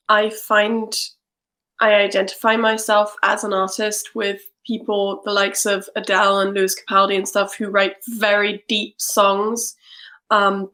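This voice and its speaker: A woman's voice: mid-range voice, pushed and bright. Reflective woman podcast co-host. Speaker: singer-songwriter. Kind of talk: casual chat.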